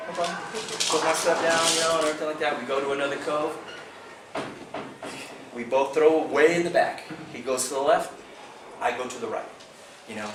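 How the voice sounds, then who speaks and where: A man telling a fishing tournament story at a club meeting, acting out the quotes with animation. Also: mid-range voice. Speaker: fishing team member recapping a tournament. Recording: echoey room from far off, noisy.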